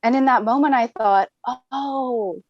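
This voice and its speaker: A woman's voice: medium pitch, normal speed, dry recording, muffled recording. A woman, a mother of three, telling a personal story on a webinar, earnest and often saying "like.". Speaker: webinar guest. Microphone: video call.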